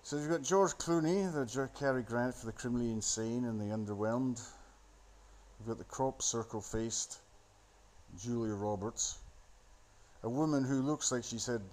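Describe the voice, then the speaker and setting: A man's voice: mid-range voice, moderate pace, a little mellow. A man rambling into a phone, giving a sardonic, profane running commentary on a film. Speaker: solo commentator.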